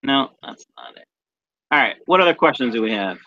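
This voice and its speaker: A man hosting a live stream chat, lively and easily flustered by technical trouble. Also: mid-range voice, brisk, vocal fry, lo-fi sound. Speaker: stream host. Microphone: video call.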